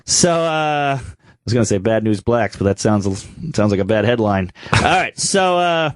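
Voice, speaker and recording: A man co-hosting a comedy podcast, telling stories in a casual chat, animated and laughing through his own tales as he acts out the people in them. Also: mid-range voice, moderate pace, no room sound. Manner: animated, acts out quotes in voices.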